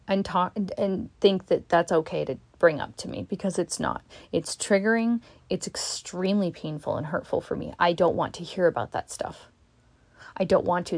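Woman, vlogger, frustrated candid rant, blunt with frequent swearing, halting restarts, sighs, dry close sound. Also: lowish voice, no echo. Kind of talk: candid venting monologue.

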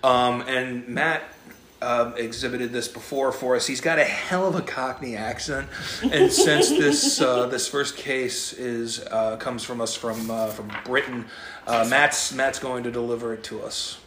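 A man's voice: medium pitch, unhurried, crowd noise. A man hosting a casual podcast chat, joking and swearing freely. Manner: profane, wisecracking. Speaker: podcast host. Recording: roomy with faint noise.

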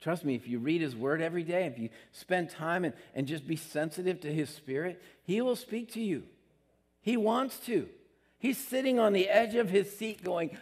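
A man's voice: high-pitched, lively intonation, normal speed, a little mellow. A man preaching a sermon in an earnest, conversational way, with emphatic rises on his key points. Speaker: pastor. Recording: long hall reverb.

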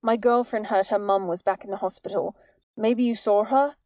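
A woman voices a jumpy, nervous teenage boy with a natural, mid-range voice that's a little mellow and fairly even in intonation at a moderate pace. The studio-quality recording has no room sound.

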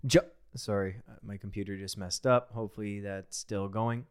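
A young man enthusiastically talking through a song as a reaction host, in a rambling, excited way. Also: fairly low pitch, moderate pace, smooth. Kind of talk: casual reaction commentary.

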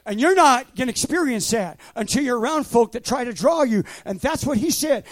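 A man in his sixties preaching a fervent sermon, shouting out phrases in loud bursts and laughing between stories. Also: extremely high pitch, lively intonation, fairly quick, dry recording. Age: 60s.

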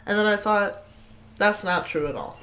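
A woman's voice: mid-range voice, normal speed, fairly bright tone. A woman co-hosting a casual movie podcast, laughing often and acting out quotes in silly voices. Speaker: podcast co-host.

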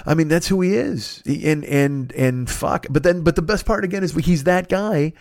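A man's voice: on the high side, moderate pace, gravelly, darkish tone, dry recording, studio quality. A man hosting a comedy podcast, delivering a profane comic rant full of swearing and mocking impressions.

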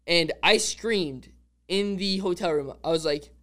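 Excitable young-sounding man, smooth voice. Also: high-pitched, unhurried. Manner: excitable, says "dude" constantly; rambling fan talk with restarts. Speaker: podcast host. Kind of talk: casual podcast monologue.

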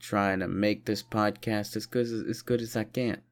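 A young man hosting a solo podcast, rambling and swearing, with sudden loud mock-indignant bursts. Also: fairly low pitch, steady tone, moderate pace. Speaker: podcast host. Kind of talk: solo comedic rant.

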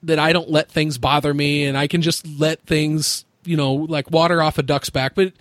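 A man's voice: a little high, level tone, moderate pace, fairly bright tone, dry recording. A man hosting a podcast, telling stories frankly in casual chat and swearing freely.

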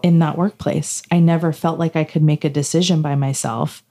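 Low-voiced woman telling a story. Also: normal speed. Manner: animated storytelling, acting out quoted dialogue. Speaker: podcast co-host. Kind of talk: casual chat, telling a personal story.

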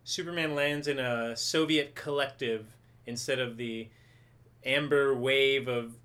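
A woman's voice: a bass voice, steady tone, measured pace, fairly bright tone. A woman co-hosting a comics podcast in casual, teasing chat, laughing often. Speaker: podcast co-host.

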